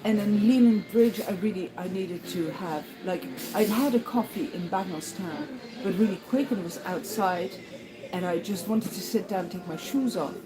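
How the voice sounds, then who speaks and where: A woman's voice: medium pitch, moderate pace, poor audio. A woman chatting through her day as a walking pilgrim, rambling and laughing as she acts out the people she met. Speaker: pilgrim vlogger. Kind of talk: casual spoken travel diary.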